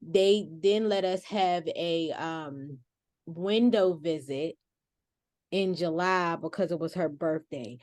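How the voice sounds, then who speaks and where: A woman in her forties speaking as a podcast guest, telling a family story in a casual, expressive way with frequent restarts and self-corrections. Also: lowish voice, slow pace, dry recording, studio quality.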